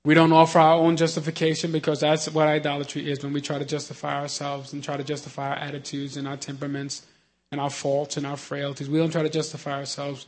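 A man preaching a sermon, talking conversationally and asking his listeners "you know what I mean?", moving between quiet earnest teaching and shouted hallelujahs. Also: on the high side, completely flat delivery, quick pace.

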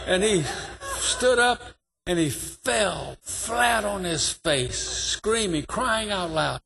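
A male preacher with a high, lively voice tells a story from the pulpit. His delivery climbs to fervent emphasis and swings widely in pitch. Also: slow pace, creaky. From New York. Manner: animated testimony, rising to fervent emphasis. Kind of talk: sermon storytelling.

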